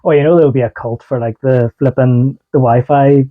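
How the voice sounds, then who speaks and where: A man's voice: mid-range voice, fairly even intonation, fairly quick, phone-quality sound. A man co-hosting a podcast, talking in an easygoing, reflective way in a casual chat. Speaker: podcast co-host.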